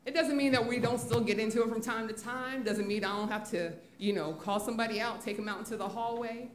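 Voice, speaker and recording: A woman's voice: fairly high pitch, fast talker. A woman teacher telling a candid, conversational story on stage at a live event. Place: live event in a museum venue. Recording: echoey live venue.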